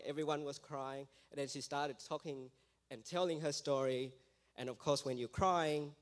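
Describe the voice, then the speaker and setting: Missionary man telling a lively story. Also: a little high. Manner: lively storytelling, acting out quoted voices. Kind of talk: church mission testimony.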